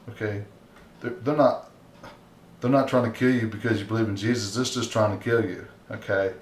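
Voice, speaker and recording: A man preaching informally and earnestly, often checking in with his listeners by asking "okay?". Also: medium pitch. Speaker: lay preacher. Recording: echoey room with faint hiss.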